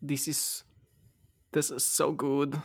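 A woman's voice: sits low, level tone, slow pace, slightly rough. A woman from Germany co-hosting a podcast in casual chat, teasingly asking her co-host for accents.

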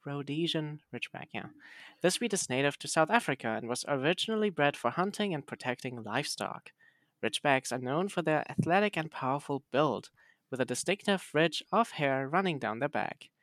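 A man's voice: fairly high pitch, expressive, brisk, a bit bright, no room sound. A man, a podcast host chatting casually and playfully reading text aloud.

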